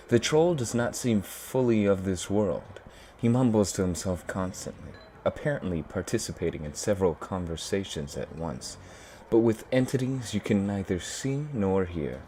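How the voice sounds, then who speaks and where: A man's voice: low voice, lively intonation, moderate pace, dark tone, slight background noise. A man hosting a gaming video, chatting casually and reading game text aloud in a laid-back way. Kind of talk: casual let's play commentary and reading.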